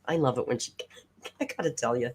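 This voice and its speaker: A woman hosting a casual reaction livestream reads comments aloud, sarcastic and swearing freely. Her voice is extremely low with big pitch swings, fairly quick, a little mellow, and edged with breathiness.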